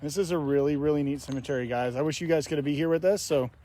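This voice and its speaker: A man hosting a paranormal vlog, talking softly and reverently as he walks outdoors. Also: a little high, fast talker. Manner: soft-spoken, reverent, reads names aloud. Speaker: paranormal investigator host. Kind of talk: casual walking vlog narration. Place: outdoor cemetery. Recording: faint outdoor noise.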